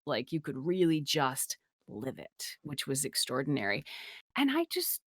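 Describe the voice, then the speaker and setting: A woman guesting as a voice actor in a casual interview, talking in an expressive, playful way. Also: sits low, a little slow, no echo, studio quality.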